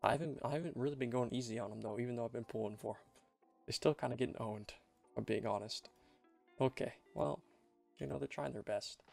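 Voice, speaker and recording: Young male gameplay commentator: very gravelly, fry-heavy voice, chatty and rambling, with soft music underneath. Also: mid-range voice, brisk. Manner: rambling and chatty, repeats and restarts phrases. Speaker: game commentator. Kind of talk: casual let's-play commentary.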